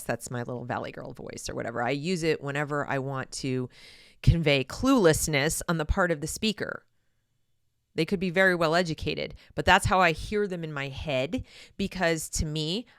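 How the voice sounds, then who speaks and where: Sarcastic woman with a bright, low voice. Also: no echo, studio quality. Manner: animated, sarcastic, opinionated. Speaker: channel host. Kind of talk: opinion commentary monologue.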